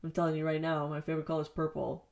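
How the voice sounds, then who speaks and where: Very fast, low-pitched, and completely flat, with vocal fry and a slightly mellow quality, this woman's voice carries her solo podcast. She rambles casually, swears a lot, and jokes about herself. The setting is a home basement studio, and she speaks into the back of the studio mic.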